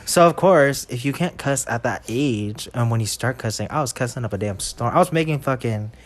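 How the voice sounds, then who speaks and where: Young man telling loud cuss-filled stories. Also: mid-range voice, a little fast. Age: young adult. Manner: loose storytelling, heavy cursing, laughing as he goes. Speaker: podcast co-host. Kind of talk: casual chat.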